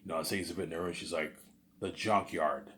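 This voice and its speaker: Guy with a deep voice rambling through a story, keeps stammering and repeating himself, gets loud and excited sometimes. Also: a little fast, a little hiss or hum. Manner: repetitive and stammering, with constant "you know what I'm saying" fillers; bursts into excited loud asides. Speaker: storyteller pitching a film idea.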